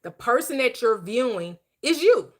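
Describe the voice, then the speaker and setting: A woman hosting a spiritual talk show, who explains her ideas in a calm, plain and affirming way. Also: a little high, normal speed. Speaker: host.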